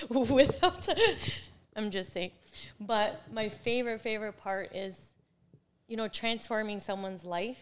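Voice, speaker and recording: A woman's voice: medium pitch, clear, resonant tone. A woman in her forties, a real estate coach, chatting as an interview guest and laughing often while she tells stories. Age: 40s. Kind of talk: casual interview chat.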